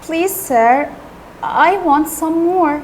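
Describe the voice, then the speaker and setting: A woman voicing a frightened, hungry orphan boy who begs timidly in a slow, weak voice. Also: very high-pitched, slight background noise, full character voice, rough recording. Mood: pleading. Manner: timid, pleading.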